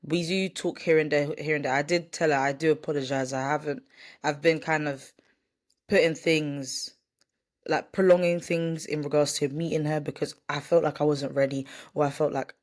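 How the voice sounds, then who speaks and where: A woman's voice: deep voice, fairly even intonation, a little fast, a little mellow. A woman talking candidly to camera in a casual vlog, rambling and correcting herself, sometimes reading from a script. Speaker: vlogger. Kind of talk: casual vlog chat, partly read from a script.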